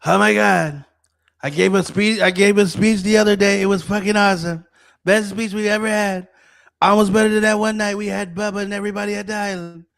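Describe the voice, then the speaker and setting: A man's voice: high-pitched, steady tone, a little fast, vocal fry, a bit bright, pitched above the performer's own voice. A man doing a mocking impression of a boastful, rambling, crude male president, in a raised voice.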